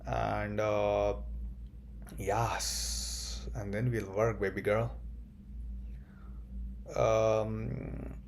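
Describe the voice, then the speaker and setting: A young man delivers a comedic monologue as a job-hunting student, swearing often and rambling excitably with sudden outbursts. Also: lowish voice, very slow, long pauses, slight background noise.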